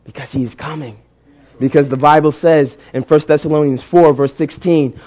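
A man's voice: a little high, steady tone, normal speed, mellow, rough recording. A man preaching a sermon who repeats and restarts words as he builds intensity and leads the congregation in call-and-response. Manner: rising to emphatic peaks, call-and-response with the congregation.

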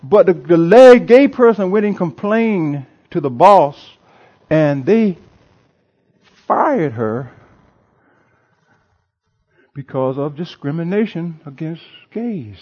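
A man's voice: a little high, animated, slow, pauses often, dull audio. A male pastor preaching a sermon to a congregation in a church. He preaches with emphasis, repeats phrases, and chuckles often.

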